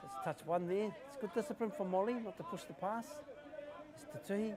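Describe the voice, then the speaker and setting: Kiwi guy doing live sports commentary, bit higher voice, crowd noise all round outdoors. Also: brisk. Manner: chatty, laughing, excitable calls.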